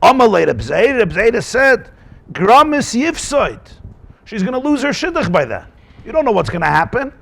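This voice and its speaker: Male rabbi, Talmud class lecture; high, very lively delivery with rhetorical questions. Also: normal speed, gravelly. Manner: animated, asks rhetorical questions, mixes in Yiddish and Hebrew terms.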